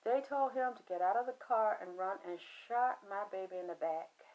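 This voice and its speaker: A woman's voice: medium pitch, moderate pace, muffled recording. A middle-aged woman telling a painful personal story in casual speech, dropping to whispers and rising to anguished cries. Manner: swings from hushed whispers to anguished near-shouting. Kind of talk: personal testimony.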